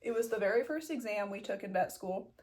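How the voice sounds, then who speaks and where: A woman's voice: mid-range voice, lively intonation, a little fast, darkish tone. A young woman telling a story as a vet student in a casual vlog, blunt, self-mocking and full of swearing. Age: young adult.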